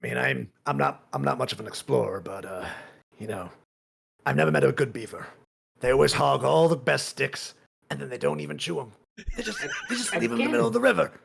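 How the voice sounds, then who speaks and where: A man playing a gruff little pug barbarian. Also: medium pitch, huge pitch swings, brisk, exaggerated voice. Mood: grumbling. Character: small muscular pug barbarian, gruff and confused.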